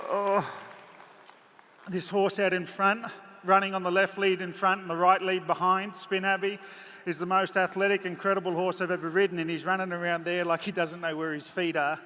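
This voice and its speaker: An Australian horseman talks to the crowd from the saddle in a high, bright voice, swinging between jokes and tearful warmth. His headset mic picks up the long echo of a big indoor arena with faint ambience behind. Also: slight background noise. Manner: emotional, joking, chatty storyteller. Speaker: horse trainer giving a clinic. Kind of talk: live clinic commentary from horseback.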